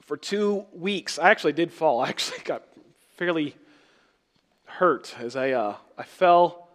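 A man's voice: fairly high pitch, lively intonation, a little slow. Emphatic man preaching a sermon. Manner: swings from loud emphatic lines to soft trailing words. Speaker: pastor.

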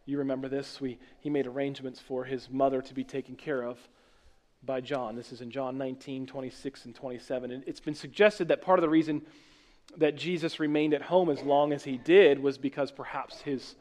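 A man's voice: mid-range voice, fairly even intonation, a little fast, a little mellow. A man preaching a sermon as pastor, earnest and conversational, often restarting and correcting himself.

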